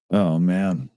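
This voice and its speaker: A man's voice: deep voice, darkish tone, no room sound, clean studio sound. A Canadian man co-hosting a casual online chat show, rambling and joking with frequent laughs. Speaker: podcast co-host.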